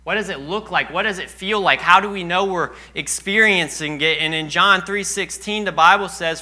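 A man's voice: fairly high pitch, normal speed, hardly any pauses, sharp tone. A young man preaching a sermon in a church, telling earnest personal stories, at times choked up.

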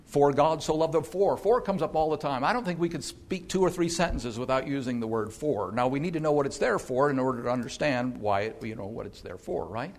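A pastor preaching a sermon, stressing single words, asking rhetorical questions and slowing down to read scripture aloud. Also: male voice, medium pitch.

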